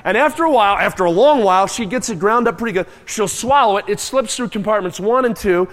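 A man preaching a sermon, animated and folksy, mooing and calling on the congregation to join in. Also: sits high, fast. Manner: animated, moos and chews aloud, calls on the crowd. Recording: long hall reverb.

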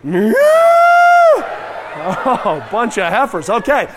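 A man with a high, bright pitch preaches a lively sermon, mooing and chewing aloud for effect and calling on his listeners to answer back. His voice rings out with a long reverb, as from a church sanctuary. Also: normal speed, heavy background noise. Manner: animated, moos and chews aloud, calls on the crowd.

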